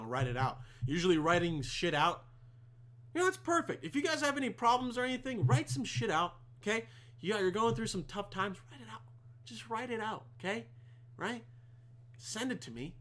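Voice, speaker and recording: A man's voice: high voice, fairly bright tone. A young man delivering a rambling, profane comedic rant to camera with heavy swearing. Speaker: vlogger.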